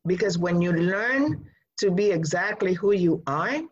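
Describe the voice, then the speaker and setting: A woman from Rico, telling a personal story in an animated, emphatic way. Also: fairly low pitch, unhurried, slightly rough, muffled recording. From Puerto Rico.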